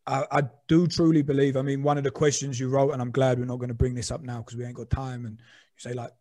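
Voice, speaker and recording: A man in a casual podcast conversation who muses out loud, hedges with fillers and swears casually. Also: mid-range voice, flat delivery, fast, no room sound, clean studio sound.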